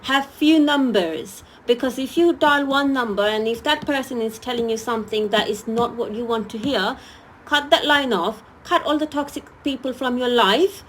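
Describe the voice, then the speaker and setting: A woman's voice: on the high side, moderate pace, slight background noise. Earnest woman pleading with viewers. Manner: earnest, pleading, repeats herself. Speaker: host. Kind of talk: live-stream talk to viewers.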